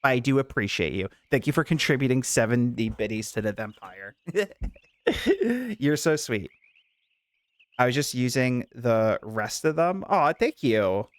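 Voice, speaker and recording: A male streamer chatting with his viewers while he plays, giggly and lively, his pitch leaping around. His voice sits at an average pitch. The sound is dry and close, with no room around it. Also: a little slow, dry recording. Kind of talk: casual game stream chat.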